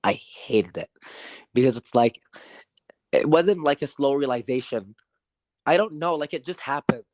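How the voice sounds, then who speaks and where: A man's voice: medium pitch, expressive, measured pace, long pauses, darkish tone, no room sound, studio quality. A man co-hosting a podcast, ranting in a frustrated, rambling way and repeating that he doesn't know. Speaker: podcast co-host. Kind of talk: casual movie review chat.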